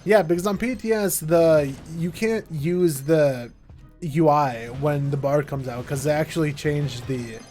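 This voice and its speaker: A man's voice: a little high, a little slow, a little mellow, soft background music. A young American man streaming live, chatting casually and rambling with lots of "like" and self-mocking jokes.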